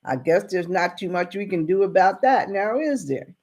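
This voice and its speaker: A woman voicing a calm, unflappable shopkeeper in a retold story. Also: fairly low pitch, normal speed. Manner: cool and calm.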